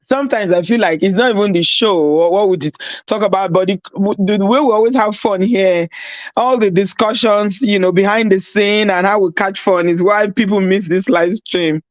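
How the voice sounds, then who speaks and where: A woman with a Nigerian accent hosts a casual live stream without her usual mic. She chats with viewers, laughs often and drops into Pidgin, and her voice sounds husky. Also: medium pitch, normal speed, no room sound. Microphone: no proper mic, device mic.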